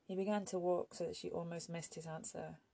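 A woman narrating an audiobook in a measured, even storytelling manner. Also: on the low side, creaky.

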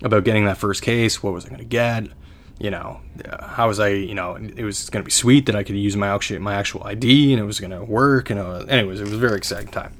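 A young Canadian man spins a casual podcast story, stumbling over restarts and poking fun at himself. His voice sits a little low, and he talks like a co-host chatting with a friend. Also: fast. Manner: rambling, self-deprecating, with many restarts.

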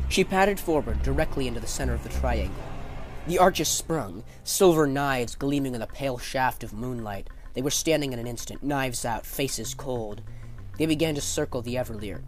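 A man in a middle pitch reads a fantasy novel aloud, measured and dramatic. A little music plays quietly under his voice. He tells the story with steady narrative control. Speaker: audiobook narrator.

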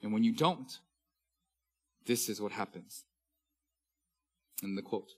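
A man in his thirties, a pastor preaching a sermon, reading scripture slowly and with emphasis. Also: lowish voice, a little mellow, husky, faint music behind.

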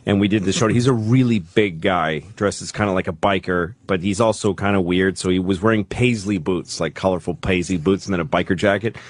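A man's voice: low-pitched, fairly quick, hardly any pauses, no room sound. A man in his late forties, a comedian guest telling profane, self-mocking stories in a casual podcast chat. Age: 40s.

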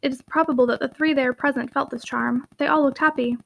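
A woman reads a classic novel aloud in scripted narration, clear and even. Her voice sits high. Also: brisk. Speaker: audiobook reader.

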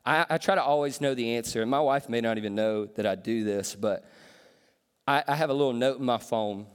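Casual joking pastor in a reverberant hall. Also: male voice, medium pitch, fairly quick, clean tone. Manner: casual, joking, conversational preaching with slang. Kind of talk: sermon. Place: church auditorium.

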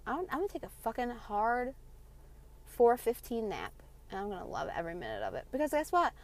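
A woman's voice: a little high, sing-song, fairly quick. A young woman hosting her own podcast, delivering a passionate, sarcastic, profanity-laced rant. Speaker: podcast host. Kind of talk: ranting monologue.

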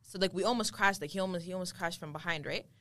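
Young female co-host, quick profane storyteller, lower voice, dry close mic. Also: fairly bright tone, no room sound. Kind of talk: casual group chat.

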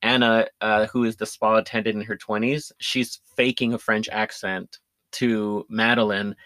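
A man's voice: fairly low pitch, level tone, moderate pace, fairly bright tone, dry recording. A man in casual conversation, recapping a film with enthusiasm, often laughing and restarting his sentences. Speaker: podcast co-host.

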